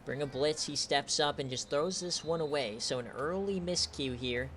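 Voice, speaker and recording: A man giving excitable, profane play-by-play of a streamed online football game, his voice strained from shouting. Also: moderate pace, slight background noise. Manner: swings from shouted calls to low, relaxed chatter. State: straining voice, says he is losing it.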